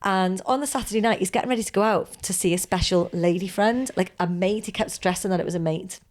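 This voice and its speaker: A woman's voice: mid-range voice, fast talker. A woman hosting a podcast, telling a long story in a chatty, rambling way with many asides. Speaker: podcast host. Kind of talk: casual storytelling chat.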